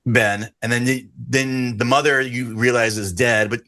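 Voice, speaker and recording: A man's voice: medium pitch, steady tone, measured pace, bright, forceful tone. A man co-hosting a horror podcast in casual chat, rambling with restarts and sarcastic asides. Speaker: podcast co-host.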